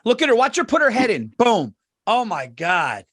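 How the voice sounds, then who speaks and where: High-voiced guy cohosting a podcast, excitable, swears a lot, keeps restarting sentences. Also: moderate pace. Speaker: podcast co-host. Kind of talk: casual chat.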